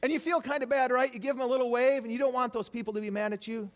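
A man's voice: very high voice, steady tone, very fast. A man preaching a sermon to his congregation, talking animatedly and acting out people's complaints in quoted voices. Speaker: pastor.

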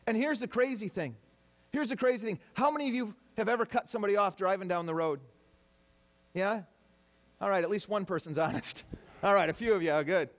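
High-voiced man preaching animatedly. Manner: animated preaching, acts out quoted complaints. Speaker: pastor. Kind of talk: sermon.

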